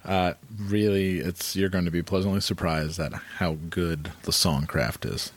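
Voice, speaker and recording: A man's voice: low-pitched, fairly even intonation, measured pace. A man co-hosting a podcast in casual chat, laid-back and eager about music. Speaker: podcast co-host.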